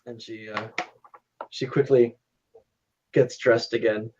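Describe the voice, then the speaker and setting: A man's voice: medium pitch, flat delivery, slow pace, background noise. A man narrating a tabletop role-playing game as game master, laid-back and amused. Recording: muffled lo-fi audio.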